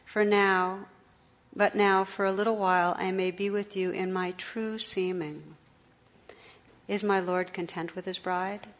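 A woman's voice: mid-range voice, steady tone, a little slow, close to an everyday voice. A woman reading aloud, voicing an enchanted medieval noblewoman who speaks in a pleading, sorrowful way. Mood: gentle. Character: enchanted noblewoman, tearful and earnest, medieval bride. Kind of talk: storybook read-aloud.

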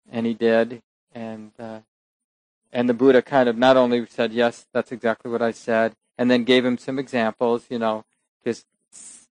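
A man giving a relaxed dharma talk, telling a teaching story with soft asides and small laughs. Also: medium pitch, dry recording, rough recording.

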